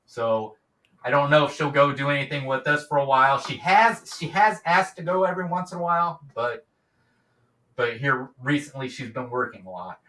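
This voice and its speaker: Middle-aged male guest, bright voice, distant mic in an echoey room, rambly. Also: mid-range voice, animated, normal speed. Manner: rambling, many restarts and fillers. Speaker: guest, YouTube creator. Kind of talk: casual interview chat.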